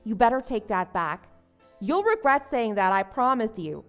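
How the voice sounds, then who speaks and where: A woman's voice: a little high, sing-song, normal speed, fairly bright tone, faint music behind. A woman voicing a wronged young wife and new mother who protests and pleads with her husband. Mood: protesting. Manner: indignant, pleading. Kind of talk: story drama voice acting.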